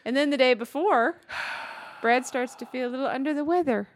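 A woman's voice: high-pitched, normal speed, a little hiss or hum. A middle-aged woman co-hosting a podcast, telling stories in casual chat and acting out the voices of the people she quotes. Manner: chatty storyteller who acts out quoted voices. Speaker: podcast co-host.

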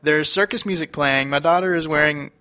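A man co-hosting a casual podcast, his voice hoarse as if it is about to give out. He answers in dry, teasing remarks, with faint music playing in the background. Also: a little high, fairly quick, pushed and bright. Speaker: podcast co-host. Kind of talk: casual chat.

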